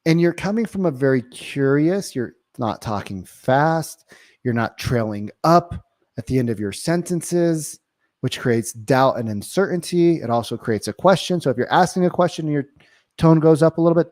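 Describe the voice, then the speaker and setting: A man's voice: fairly high pitch, expressive, moderate pace, a little mellow, no room sound, clean studio sound. A man giving an emphatic sales coaching talk, often checking in with the listener. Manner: emphatic, keeps checking in with "right?". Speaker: real estate sales trainer. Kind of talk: coaching monologue.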